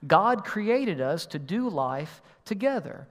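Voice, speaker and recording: High-voiced pastor in a reverberant hall. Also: male voice, takes it slowly. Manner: storytelling, animated voices for his son. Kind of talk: sermon with personal story. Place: church auditorium.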